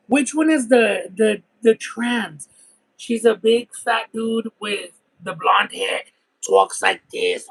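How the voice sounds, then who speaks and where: A man doing a brash trailer-park woman with a gravelly, husky voice that sits a bit high. She rambles crudely through her gossip, and her pitch jumps all over. It plays as a comedic character monologue. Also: a bit bright, heavily acted, low-quality recording.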